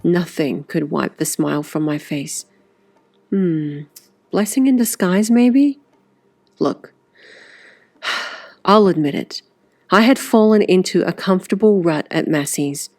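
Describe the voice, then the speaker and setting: A woman's voice: on the low side, animated, takes it slowly, long pauses, a little mellow, no echo. A woman reading a first-person story aloud as audiobook narrator, in a conversational style with wry asides.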